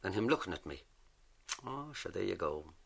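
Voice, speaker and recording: An Irish man, a comedian, telling jokes and stories in a lively stand-up manner. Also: low-pitched, moderate pace, creaky, slightly rough. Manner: lively storyteller, drawls punchlines.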